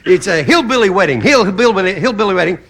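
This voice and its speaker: A man's voice: high voice, lively intonation, fast, fairly bright tone. A man hosting a comedy show, delivering a rambling stand-up monologue and chuckling at his own jokes. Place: TV studio stage. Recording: 1960s TV broadcast with live studio audience laughter and noise.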